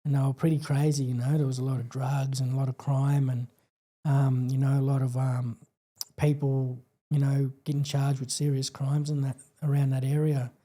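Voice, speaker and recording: An Australian man recounting a painful personal story as a podcast guest, earnest and halting, with many fillers and restarts. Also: mid-range voice, flat delivery, warm tone.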